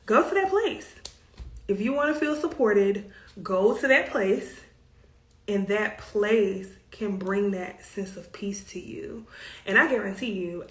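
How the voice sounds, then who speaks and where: A woman's voice: medium pitch, echoey room. A woman with a Southern US accent giving self-care advice in a chatty, emphatic monologue with playful asides. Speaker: self care coach and host.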